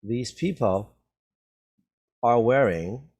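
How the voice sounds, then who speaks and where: A man teaching an English reading lesson in an unhurried, patient way. His pitch sits in an ordinary middle range. He repeats words and checks in with "okay?" after nearly every point. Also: darkish tone, husky. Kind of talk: slow reading lesson for learners.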